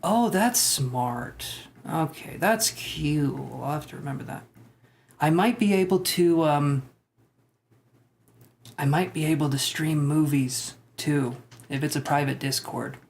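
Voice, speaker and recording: Speaking slowly in a gravelly, slightly high voice, a young tarot livestream host chats casually with his viewers. He reads comments, rambles, and cracks jokes at his own expense.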